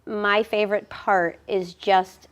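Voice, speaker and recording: A woman's voice: mid-range voice, level tone, highs cut off. Hesitant woman. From Northern Ohio, USA. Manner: measured, hesitant, lots of ums. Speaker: guest, business owner. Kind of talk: conversational interview answers.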